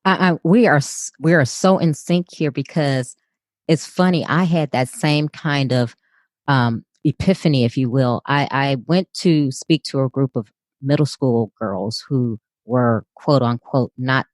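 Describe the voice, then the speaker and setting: Woman, podcast host, enthusiastic chat, very low voice, dry close sound. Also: a little slow, darkish tone, dry recording. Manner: enthusiastic, storytelling. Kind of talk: casual interview chat.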